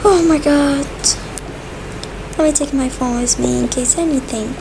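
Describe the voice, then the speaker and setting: A woman's voice: high-pitched, unhurried, vocal fry, background noise. A woman voicing a busy mother of twins in a toy game role-play, fussy and soothing. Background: background music.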